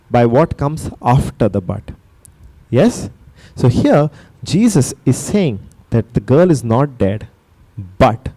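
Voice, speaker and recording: A man's voice: mid-range voice, dark tone, no room sound, poor audio. A man with an Indian English accent preaching a sermon at a retreat, emphatic and questioning the audience, punctuated by hallelujahs. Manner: emphatic, call-and-response preaching with repeated hallelujahs. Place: retreat session hall.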